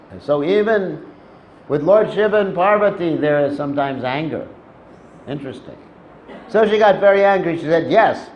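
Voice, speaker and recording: A male preacher with a fairly high voice, telling a devotional story in a relaxed, conversational way with occasional fillers. His voice echoes around a temple hall on a slightly dull recording with a faint hiss behind it.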